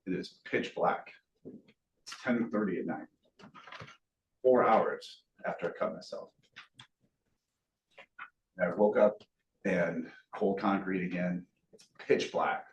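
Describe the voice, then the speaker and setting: A man tells a harrowing survival story to a room full of colleagues, earnest and animated, with a folksy, joking streak. He sits at a moderate pitch and is picked up from across an echoey meeting room. Faint hiss runs underneath. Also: slow, long pauses, distant mic, highs cut off. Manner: earnest, animated, folksy with self-deprecating humor. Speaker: guest speaker. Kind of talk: motivational storytelling talk.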